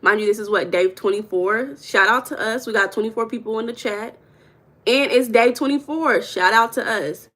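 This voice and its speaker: A woman's voice: a little high, normal speed, pushed and bright. A woman from the United States hosting a casual livestream, greeting viewers by name and talking about money mindset in a chatty, playful way.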